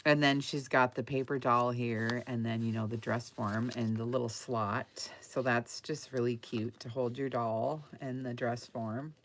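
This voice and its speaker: A woman's voice: rumbling low, steady tone, measured pace, few pauses, slight background noise. A woman chatting casually as she flips through a handmade craft journal to sell, rambling with lots of fillers and giggles.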